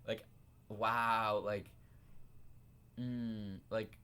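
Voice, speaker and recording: A young man in a casual storytime vlog, talking in an animated, self-consciously dramatic way, laughing often and saying like a lot. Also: fairly low pitch, drawn-out words, clean tone. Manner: filler-heavy, says like a lot. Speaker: vlogger.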